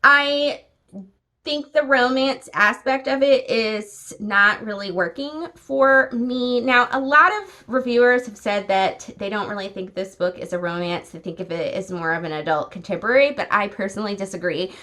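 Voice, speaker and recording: At home at night, a young book vlogger chats about the books she's been reading, offering opinions with plenty of fillers along the way. Her medium-pitched voice is pushed and bright, moving at a normal speed.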